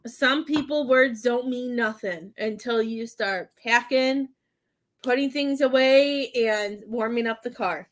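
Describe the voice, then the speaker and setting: A woman doing a psychic reading from home, with halting, repetitive speech that gives gentle advice. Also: on the high side. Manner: halting, repeats words, soothing advice. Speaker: psychic medium. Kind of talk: live-stream spirit reading.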